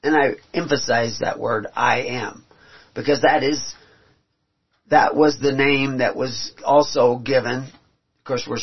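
A man with a slightly rough, medium-pitched voice preaches a sermon, reading scripture aloud and explaining it earnestly. His intonation stays fairly even, yet he climbs to emphatic peaks amid halting restarts, all captured in a dull lo-fi recording.

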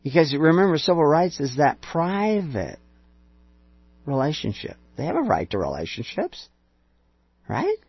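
A man's voice: fairly high pitch, wildly swooping pitch, measured pace, long pauses, slightly rough. A man preaching an emphatic lecture, full of rhetorical questions and sarcastic asides, on a dull lo-fi recording.

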